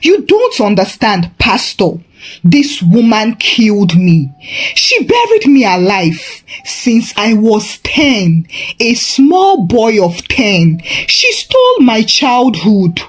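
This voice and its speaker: A woman's voice: mid-range voice, big pitch swings, slow, few pauses. A woman voicing a bitter, wounded young man who speaks coldly and accusingly to his mother. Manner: cold, accusing.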